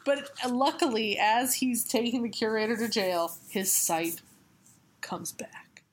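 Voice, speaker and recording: A woman's voice: a little high, lively intonation, unhurried, a little hiss or hum. A woman co-hosting a comic book podcast, recapping a story in casual, sarcastic, profane chat and laughing often. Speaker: podcast co-host.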